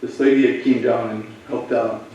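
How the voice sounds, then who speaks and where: Male police officer, mid-pitched, halting and emotional storyteller, picked up from across a big echoey room. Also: level tone, a little mellow, recorded from a distance, muffled recording, a little hiss or hum. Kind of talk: personal story told to students.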